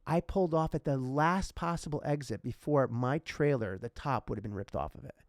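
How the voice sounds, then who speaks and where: A man's voice: mid-range voice, brisk, darkish tone, no echo, clean studio sound. A man hosting a casual podcast, telling a personal story in a heartfelt, emotional way. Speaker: podcast host.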